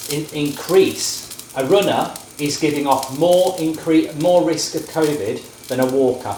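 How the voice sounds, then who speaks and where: A man's voice: fairly high pitch, slight background noise. Rambling, jokey man in an echoey kitchen. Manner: rambling, jokey, opinionated rants. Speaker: vlogger cooking on camera. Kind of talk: casual chat while cooking. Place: home kitchen. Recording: echoey kitchen with frying sizzle. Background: frying and sizzling.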